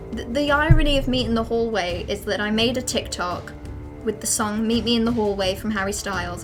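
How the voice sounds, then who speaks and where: A young adult woman giving excitable, dramatic let's play commentary as a streamer, swearing often. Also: a little high.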